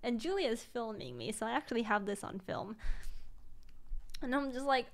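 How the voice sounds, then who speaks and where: A young woman streamer telling a story casually, acting out the quotes in a higher voice and laughing often. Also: moderate pace, fairly bright tone.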